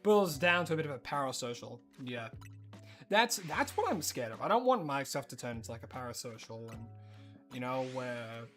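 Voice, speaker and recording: A streamer with an Australian accent, chatting casually and rambling while playing, breaking into excited disbelief. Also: medium pitch, normal speed, faint music behind. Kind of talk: casual live-stream chat while gaming.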